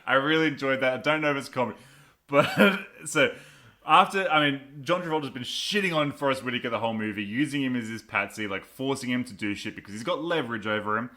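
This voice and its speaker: A man co-hosting a casual movie review podcast, with a bright, forward tone at an ordinary pitch. He is sardonic and laughs easily as he picks the film apart. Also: quick pace. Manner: sardonic, laughs often, breaks into mock voices. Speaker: podcast co-host.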